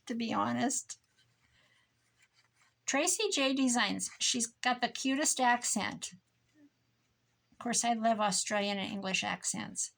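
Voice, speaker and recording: A woman's voice: on the high side, creaky, a bit bright. A tired woman chatting casually to herself and her viewers while crafting at home, muttering and joking at her own expense. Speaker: crafting vlogger.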